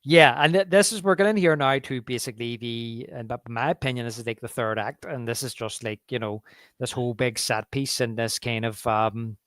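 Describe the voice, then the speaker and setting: A man's voice: medium pitch, a bit bright, no echo, studio quality. A man co-hosting a movie podcast, chatting casually and stumbling through restarts while he retells scenes. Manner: halting, many restarts, acts out movie quotes. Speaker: podcast co-host. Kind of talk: casual movie review chat.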